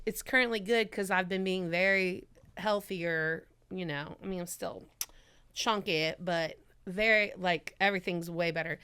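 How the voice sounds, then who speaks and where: A woman's voice: medium pitch, sharp tone, smooth. A woman from Mississippi, a podcast guest chatting casually and acting out her own quotes as she tells stories. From Mississippi, USA.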